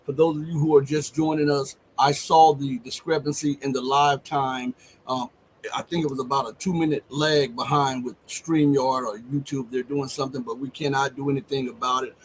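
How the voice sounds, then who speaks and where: A man's voice: medium pitch, fairly even intonation, normal speed, rough recording. Earnest male livestream host, faint noise. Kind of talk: live stream hosting.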